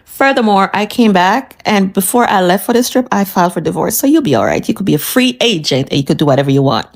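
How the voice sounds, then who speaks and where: A woman telling a personal story casually to her viewers, sassy and animated. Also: medium pitch, quick pace, gravelly, hardly any pauses. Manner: sassy, animated retelling of a confrontation.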